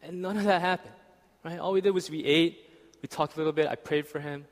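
A man's voice: fairly high pitch, fast talker. A young man preaching a sermon in a church, casual and conversational, often asking "right?". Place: church hall. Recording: reverberant church hall.

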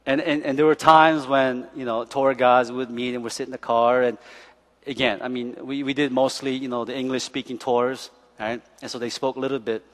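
A man in his forties, a pastor, preaching a sermon as chatty stories, often laughing and asking "right?". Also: medium pitch. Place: church. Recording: echoey church hall.

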